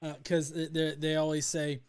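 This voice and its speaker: A young man from North Alabama, USA, runs a casual livestream, his fairly high voice monotone, smooth, a little mellow, and moderately paced. His speech rambles, packed with fillers and restarts.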